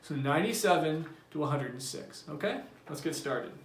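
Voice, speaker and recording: A man, a teacher, reading a novel aloud to his class in a plain, steady storytelling voice. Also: a little high, moderate pace, a little hiss or hum. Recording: roomy echo.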